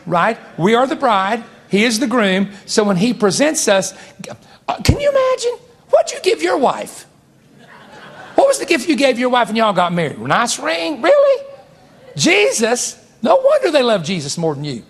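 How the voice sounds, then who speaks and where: Male preacher, high-pitched and animated, working the congregation. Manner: animated, jumps to high exclamations and laughs, addresses congregation. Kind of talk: sermon.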